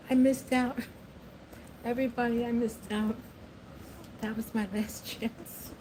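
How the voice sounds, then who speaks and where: A woman's voice: on the high side, little pitch movement, unhurried, pauses often, background noise. A woman chatting casually to the camera, rambling, laughing often and talking to her pet. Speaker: vlogger.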